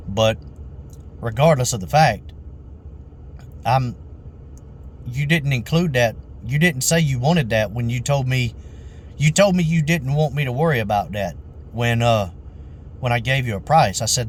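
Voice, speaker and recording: A young man who owns a landscaping business, calmly and earnestly retelling a run-in with a customer and repeating "I said" over and over. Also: medium pitch, moderate pace, long pauses, a little hiss or hum. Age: young adult. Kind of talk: casual storytelling vlog.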